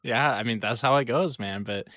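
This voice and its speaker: A man's voice: mid-range voice, moderate pace, bright, forceful tone, no echo, clean studio sound. A man co-hosting a casual podcast, chatting in easygoing slang and laughing often. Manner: laid-back slangy banter. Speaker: podcast co-host. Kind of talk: casual chat.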